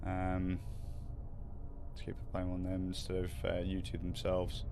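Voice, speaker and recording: A man's voice: low voice, monotone, unhurried, noisy background. A man hosting a livestream in casual, rambling chat, swearing freely and laughing often. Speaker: livestream host.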